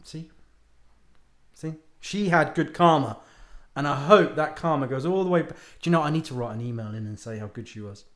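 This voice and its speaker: Animated man ranting, echoey room. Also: a little high, brisk. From United Kingdom. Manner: animated, swears freely, self-mocking. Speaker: podcast host and author. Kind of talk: casual ranting monologue.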